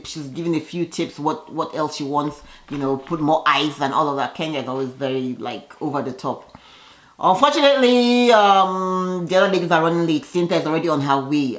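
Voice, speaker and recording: A woman giving a casual, chatty recap of a TV episode. She leans on "you know" and acts out the cast's lines with animated quoting. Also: low-pitched. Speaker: reality TV recap vlogger. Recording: roomy echo.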